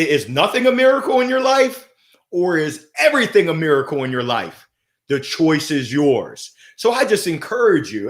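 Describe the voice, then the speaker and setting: A man hosting a motivational livestream, talking with playful energy and giving shout-outs to viewers. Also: fairly high pitch. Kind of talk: upbeat motivational livestream talk. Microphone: gold microphone.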